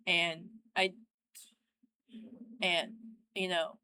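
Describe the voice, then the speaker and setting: A young woman with a slightly low voice gives casual reaction commentary. She sounds earnest and heartfelt, and pauses and restarts as she looks for the right words. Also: little pitch movement, sharp tone, clear, resonant tone, dry recording, low-quality recording. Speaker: reaction channel host.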